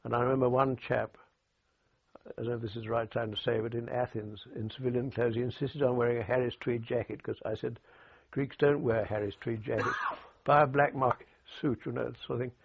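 An older British man in an oral history interview, recalling wartime radio work in an anecdotal way with dry humour and halting restarts, heard over a tinny phone-like recording. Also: medium pitch, fairly even intonation, creaky, slightly rough. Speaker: war veteran interviewee.

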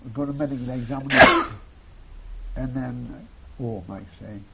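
Older man telling war memories, gravelly, rambling, muffled old tape. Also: mid-range voice, normal speed. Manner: rambling, repeats phrases, tags lines with "see". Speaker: war veteran interviewee. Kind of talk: oral history reminiscence. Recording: dull lo-fi tape with faint hiss.

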